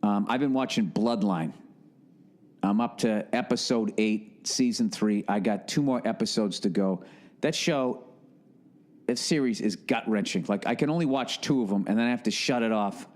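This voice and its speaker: A man hosting a podcast in a rambling, casual monologue, talking bluntly and profanely in an animated way. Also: lowish voice, moderate pace. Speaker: podcast host.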